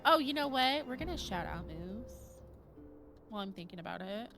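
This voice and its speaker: A woman's voice: medium pitch, expressive, normal speed. A young woman streaming a video game, chatting casually with her viewers, giggling and gushing about the characters. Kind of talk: casual gameplay chat reading chat. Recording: game music underneath.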